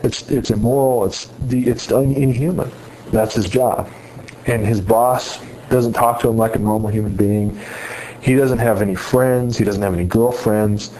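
A man's voice: on the low side, mellow, slight background noise, poor audio. A man giving an earnest sermon-style talk to students, retelling a story with many restarts. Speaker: speaker addressing students on faith.

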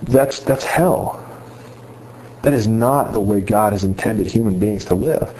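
A man's voice: fairly low pitch, measured pace, dark tone, a little hiss or hum, poor audio. A man giving an earnest sermon-style talk to students, retelling a story with many restarts. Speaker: speaker addressing students on faith.

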